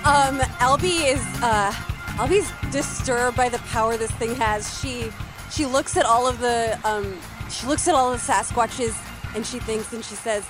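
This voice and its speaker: A woman narrates her character's moves in a tabletop game, with hesitant phrasing and plenty of fillers. Her voice is high. Music plays in the background. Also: measured pace. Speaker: player.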